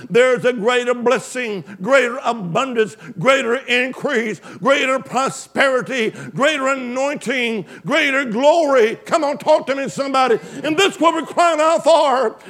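A male preacher delivering an emphatic call-and-response sermon, swinging from loud exclamations to hushed asides. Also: very high voice.

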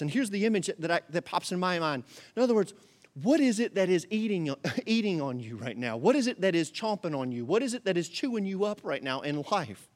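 High-voiced, passionate male preacher. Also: sing-song, a little fast. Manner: passionate preaching, rising to near-shouts when voicing God; repetitive rhetorical questions, calls to the congregation. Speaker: pastor. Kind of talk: sermon.

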